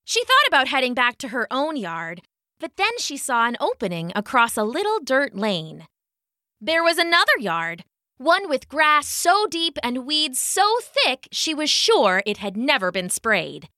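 Woman storyteller, high bright voice, slow expressive children's story reading, dry close sound. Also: dry recording.

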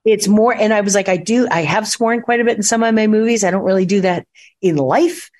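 A woman's voice: medium pitch, fairly quick, a little mellow. A woman being interviewed in a casual chat, chatty and telling stories, acting out quotes. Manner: chatty storyteller, acts out quotes. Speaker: actress, interview guest. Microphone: phone call.

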